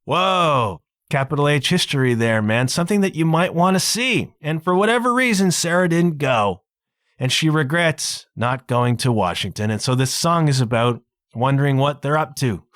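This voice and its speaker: A man's voice: mid-range voice, a bit bright, dry recording. A man talks about songs he loves in an easygoing, enthusiastic way, his voice rising and falling a lot. The recording is dry and close, with no room sound. He keeps throwing in a casual "man" as he goes. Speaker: podcast host. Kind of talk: casual music commentary.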